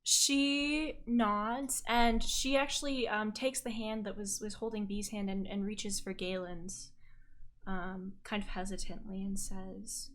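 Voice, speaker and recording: A woman runs a tabletop game as game master, narrating scenes in a bright, forward voice. She hedges softly with little fillers as she goes. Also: mid-range voice, steady tone, a little slow. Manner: soft narration with hedging fillers.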